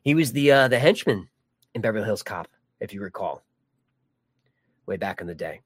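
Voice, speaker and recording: A man's voice: lowish voice, lively intonation, moderate pace, slightly rough, dry recording. A man hosting a live stream, chatting casually and joking while reading viewer comments. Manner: rambling, jokey, many restarts. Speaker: livestream host.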